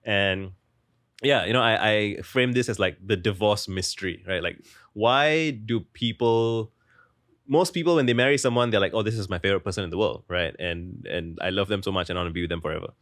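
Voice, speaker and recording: A man's voice: on the low side, normal speed, a bit bright, no echo, studio quality. A young man talking casually as an interview guest, rambling and full of "like" fillers. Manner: rambling, heavy use of "like", restarts mid-thought. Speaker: guest author.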